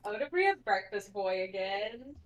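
A woman's voice: medium pitch, big pitch swings, unhurried. A woman from the American South with a Southern accent, running a tabletop game in giggly, chatty banter. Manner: giggly, chatty, lots of filler "like". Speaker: game master. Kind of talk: casual tabletop game chat.

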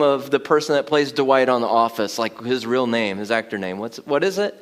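A man preaching a sermon in a casual, conversational way. He grows louder and more excited at times and laughs while he talks. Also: medium pitch, fairly quick, hardly any pauses. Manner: conversational, builds to loud excited emphasis with laughter. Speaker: pastor.

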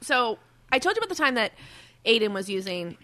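A woman in her thirties, a podcast co-host, telling animated stories about her kids in casual chat. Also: a little high, brisk, a little hiss or hum. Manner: animated storyteller, acts out her kids' voices.

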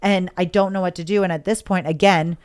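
A woman guest with a slightly low, darkish voice tells a personal story candidly, rambling and repeating herself as emotion runs through her words. She speaks briskly with fairly even intonation.

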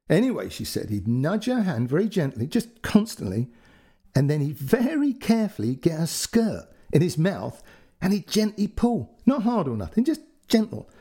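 A man narrates a true first-person story into a close podcast mic, chatty and full of asides. His voice is husky and mellow, with a lively, rising and falling pitch.

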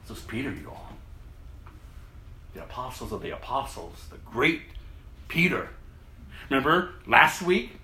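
A man preaching a casual sermon, reading scripture aloud and swinging from loud emphasis to hushed, low tones. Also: very animated, measured pace, long pauses, reverberant, slight background noise.

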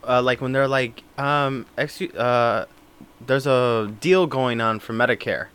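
Twenties male co-host, mid pitch, casual, filler-heavy storyteller. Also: a little slow, a bit bright, clean tone. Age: 20s. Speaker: podcast co-host. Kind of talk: casual chat.

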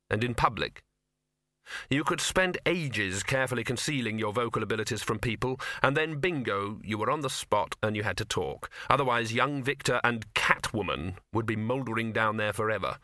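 A man's voice: medium pitch, lively intonation, normal speed, bright, forceful tone, no room sound. A man narrating a comic fantasy audiobook in a dry storytelling manner. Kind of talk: scripted narration.

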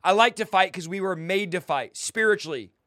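High-voiced man preaching a fiery sermon. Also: a little fast, a bit bright, dry recording, clean studio sound. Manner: confrontational, mocking; exhorting, commanding.

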